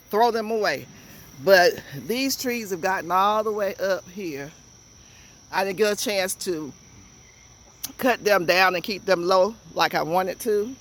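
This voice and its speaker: A woman with a Southern US accent giving a casual, folksy garden tour outdoors, chatting straight to her viewers. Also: mid-range voice. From Georgia, USA. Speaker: home gardener vlogger.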